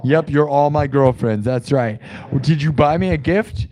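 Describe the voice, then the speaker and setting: A man's voice: a little high, a little slow. Goofy rambling male streamer. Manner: joking, rambling, swings into loud shouting. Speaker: live streamer and improvising musician. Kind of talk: casual live-stream banter.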